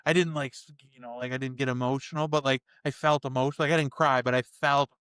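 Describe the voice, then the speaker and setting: A man's voice: medium pitch, steady tone, fast talker, fairly bright tone, smooth, dry recording, clean studio sound. A man co-hosting a movie review podcast, talking casually and animatedly, swearing and acting out scenes. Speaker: podcast co-host.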